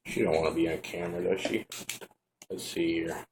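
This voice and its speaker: A man giving a relaxed, rambling hands-on product review at home, talking to the camera as he shows the device. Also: deep voice, normal speed, noisy background.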